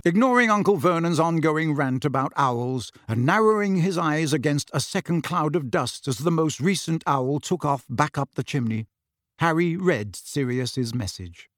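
This lively male audiobook narrator has a higher voice and performs scripted narration with expressive storytelling at a normal speed. The sound is close and dry.

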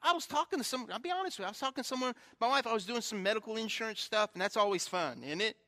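A man's voice: sits high, lively intonation, rapid-fire, sharp tone. A male pastor preaching a sermon in a church, telling stories in a chatty way and joking about his own faults. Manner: conversational storytelling with self-deprecating humor.

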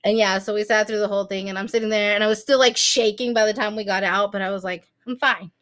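A woman's voice: mid-range voice, fairly even intonation, fast talker, a bit bright. A woman in her thirties co-hosting a podcast, telling a story in casual chat with lots of laughter and acted-out quotes. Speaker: podcast co-host.

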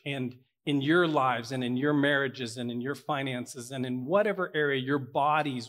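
A man's voice: medium pitch, a bit bright. A man preaching a sermon to his church, earnest and building to emphatic peaks. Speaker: pastor.

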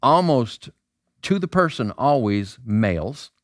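Male preacher, casual sermon, lively up-and-down delivery, dry close sound. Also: mid-range voice, takes it slowly, no echo. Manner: animated, acts out voices, asks rhetorical questions. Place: outdoor square.

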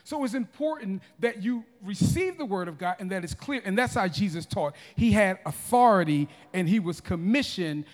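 A man's voice: high voice, lively intonation, normal speed, hardly any pauses. A man in his forties preaching a sermon as pastor, emphatic, with frequent restarts and calls to the congregation. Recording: long reverb of a large hall.

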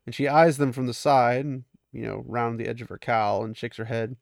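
A man's voice: mid-range voice, flat delivery, brisk, gravelly, hardly any pauses, no echo, clean studio sound. A man casually recapping a fantasy novel, chatty and amused, lightly voicing the characters as he goes. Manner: chatty, laughs at the story, voices characters lightly. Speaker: book recap host.

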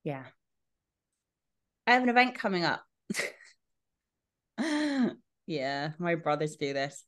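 A woman chatting on a podcast with a slightly low voice. She laughs often and swears freely, keeping the talk loose and unguarded. Her delivery is easygoing and conversational. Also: sing-song, takes it slowly, long pauses, fairly bright tone. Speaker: podcast co-host. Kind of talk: casual podcast chat.

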